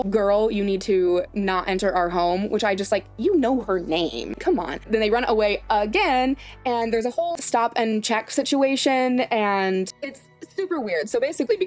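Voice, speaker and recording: A woman hosting a casual, chatty recap of a series, digressing and asking rhetorical questions. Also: medium pitch. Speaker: show host recapping a series.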